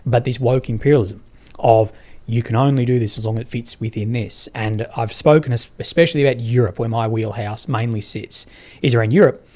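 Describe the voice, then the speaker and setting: Measured, analytical male podcast host. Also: mid-range voice, darkish tone. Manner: measured, analytical, with hesitant restarts. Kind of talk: conversational interview.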